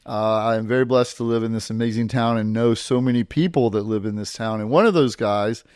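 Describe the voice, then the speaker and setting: A man's voice: mid-range voice, a little fast, darkish tone, clean tone, no echo. A man with a mid-range voice hosts a podcast, recorded dry and close. He talks in a friendly, encouraging way and laughs easily with his guest. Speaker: podcast host. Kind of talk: podcast interview.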